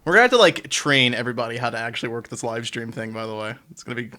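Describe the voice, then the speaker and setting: A man's voice: mid-range voice, animated, rapid-fire, sharp tone. A man co-hosting a casual livestream podcast, sheepish and defensive about technical problems. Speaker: podcast co-host running the stream.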